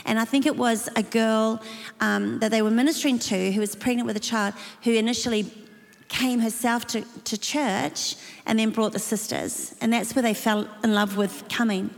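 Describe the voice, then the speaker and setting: Gravelly woman in a reverberant hall. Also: on the high side, fairly even intonation, moderate pace. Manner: chiming in, adding to the story. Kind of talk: casual chat.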